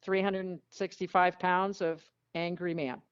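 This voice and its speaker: A woman guest telling frank, lively stories in a casual interview. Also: lowish voice, a little slow, clear, resonant tone, no echo. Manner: animated, frank storyteller who acts out quotes. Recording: dull lo-fi dry sound.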